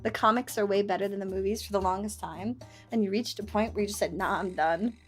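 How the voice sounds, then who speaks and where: A young woman streamer chatting casually with her viewers, ranting in an animated, exaggerated way. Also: mid-range voice, fast, faint music behind. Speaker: VTuber streamer. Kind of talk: casual chat with live chat.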